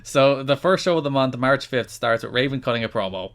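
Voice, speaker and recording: A man's voice: mid-range voice, expressive, fairly quick, fairly bright tone, smooth. A man co-hosting a podcast, chatting casually with dry, mocking commentary and frequent laughs. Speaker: podcast co-host.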